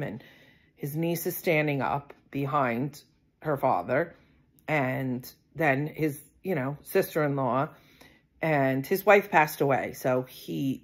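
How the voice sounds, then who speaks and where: A middle-aged woman vlogging, telling a personal story in a rambling, casual way with lots of fillers and asides. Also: deep voice.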